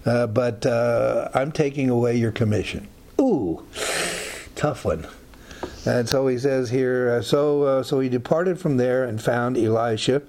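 A man's voice: mid-range voice, vocal fry, darkish tone. A man teaching through a Bible passage in a conversational way, with many fillers and side remarks.

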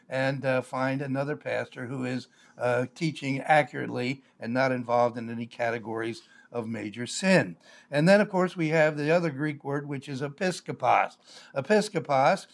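An older man, a pastor, giving a measured, explanatory Bible lesson on a live stream, with frequent "uh" fillers. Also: medium pitch.

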